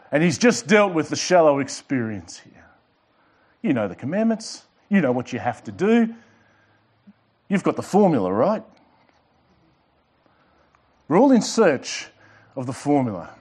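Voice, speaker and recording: Emphatic male pastor preaching, fairly high voice. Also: big pitch swings, a little mellow, husky. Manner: emphatic preaching with pauses and repetitions. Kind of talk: sermon.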